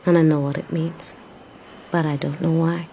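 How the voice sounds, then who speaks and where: A woman narrating a recited poem as a frightened woman trapped high in a burning tower, in a quiet, hushed voice. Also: flat delivery, normal speed, slight background noise. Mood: hushed dread.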